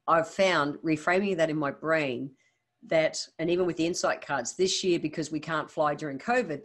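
A middle-aged woman, giving a candid, conversational motivational talk on her podcast and telling anecdotes. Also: lowish voice. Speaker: podcast host.

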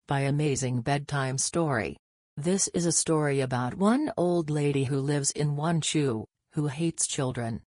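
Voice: mid-range voice, unhurried, darkish tone, no echo, studio quality. Storyteller reading a bedtime story.

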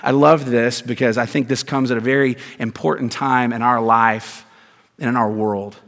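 A man preaching a sermon as pastor, emphatic, with rhetorical questions and deliberate stresses. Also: mid-range voice, fairly even intonation, a bit bright. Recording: long hall reverb.

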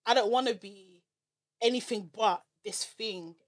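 A woman's voice: on the high side, measured pace. Opinionated woman podcaster. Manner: opinionated, thoughtful, explains at length. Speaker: podcast co-host. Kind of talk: casual chat.

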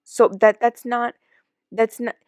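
A woman co-hosting a casual chat who rants in quick bursts and talks over her partner. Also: fairly high pitch, level tone, darkish tone, dry recording, studio quality. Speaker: podcast co-host.

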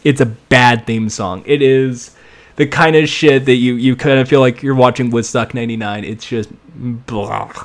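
A man giving a casual, sarcastic recap of a TV episode, rambling and throwing in sound effects and quick impressions. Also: mid-range voice, steady tone. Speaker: show reviewer.

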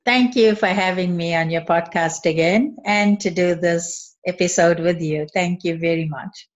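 A woman's voice: on the low side, normal speed, lo-fi sound. A woman guest on a podcast who speaks reflectively and asks rhetorical questions. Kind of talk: interview conversation.

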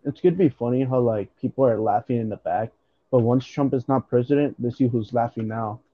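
Young man, casual podcast co-host, blunt and profane, dull low-fidelity recording. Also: fairly quick. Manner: blunt, swearing, restless. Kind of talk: casual chat.

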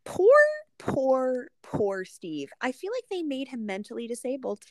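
A woman's voice: high voice, big pitch swings, measured pace, warm tone, no echo. A young woman guest on a podcast, chatting casually and emphatically, often mimicking people. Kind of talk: casual chat.

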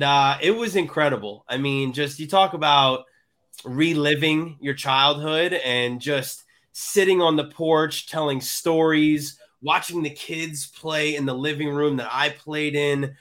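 A congested man co-hosting a casual morning chat, telling a relaxed, reminiscent story. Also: a little high, a little slow. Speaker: co-host.

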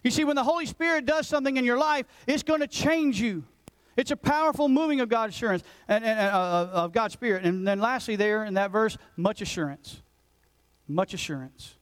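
A man in his forties, a pastor preaching a passionate sermon that swings between loud urgency and hushed intensity. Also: very high-pitched, brisk, clear, resonant tone, poor audio. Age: 40s. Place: church sanctuary.

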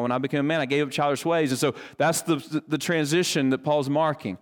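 A man preaching a sermon as pastor, reading scripture with a lifted voice and dropping low and quiet to drive his points home. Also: steady tone, fast talker, few pauses. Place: church sanctuary. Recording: long reverb of a large church hall.

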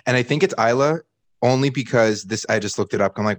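A man's voice: mid-range voice, fast talker, no room sound. A man co-hosting a casual podcast, teasing his partner with dry quips. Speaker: podcast co-host.

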